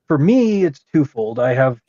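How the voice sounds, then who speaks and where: A man's voice: medium pitch, sing-song, moderate pace, dark tone, no echo, highs cut off. A man co-hosting a podcast, talking casually and opinionatedly, with frequent restarts. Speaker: podcast co-host.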